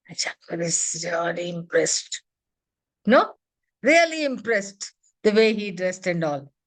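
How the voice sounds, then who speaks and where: A woman, a corporate trainer giving an interactive classroom lecture. She quizzes her class with quick questions and leans on "you know" and "huh?". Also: lowish voice, big pitch swings.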